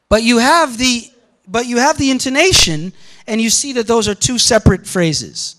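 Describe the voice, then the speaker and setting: A man lecturing a class in an animated way, often quoting example sentences and breaking off mid-thought. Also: extremely high pitch, moderate pace. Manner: animated, quotes example sentences, interrupts himself.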